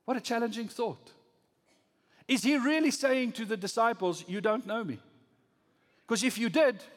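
A pastor preaching a sermon, swinging from loud rising emphasis to low, soft lines. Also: male voice, big-room sound.

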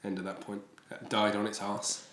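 A man's voice: fairly low pitch, monotone, normal speed, fairly bright tone. A man co-hosting a podcast, bantering in a dry, teasing way. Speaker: podcast co-host. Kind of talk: casual chat. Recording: roomy echo.

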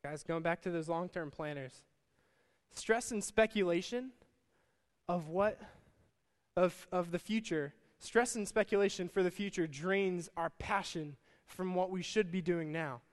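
Male pastor, high-pitched, chatty and energetic, live sermon with long hall reverb. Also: measured pace. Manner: energetic, conversational, addresses crowd as guys. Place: church service with stage and band.

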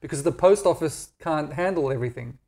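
A man's voice: a little high, a little fast, warm tone. A middle-aged Australian man chatting candidly as an interview guest, joking and self-deprecating. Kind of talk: casual interview chat.

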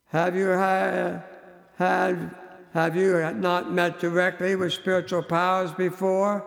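Male preacher, gravelly and slow, telling a sermon story in a long reverb. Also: sits high, monotone. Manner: slow, emphatic, dramatic delivery. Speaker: radio preacher.

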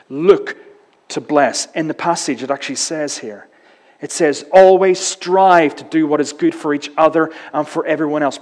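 Man preaching in an echoing church hall. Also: on the high side. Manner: lively, acts out quotes in shifting voices, conversational humor. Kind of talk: sermon. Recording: long reverb of a church hall.

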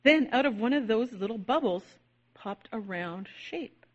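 A woman gently reading a children's story aloud, narrating in a soothing manner. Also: on the high side, lively intonation, measured pace. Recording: dull lo-fi recording.

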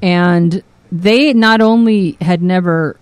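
A woman's voice: lowish voice, slow, darkish tone, smooth, no echo. A woman co-hosting a casual podcast, steadily explaining a listener's question. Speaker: podcast co-host.

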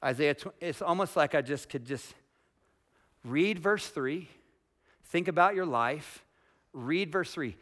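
Emphatic higher-voiced male pastor. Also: expressive, slow, long pauses. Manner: emphatic, swings from loud declarations to quiet, intimate asides; asks the congregation direct questions. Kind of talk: sermon.

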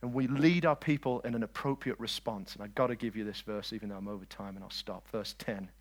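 A man preaching a lively sermon, swinging between loud declarations and quiet asides and joking with his listeners. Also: fairly low pitch, fast talker. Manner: jokes with the audience.

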